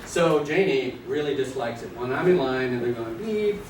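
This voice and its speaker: A man teaching a live class of real estate agents, playful and energetic, acting out little scenes and quizzing the audience. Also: medium pitch, moderate pace. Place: training room with an audience. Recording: echoey room, distant mic, noisy.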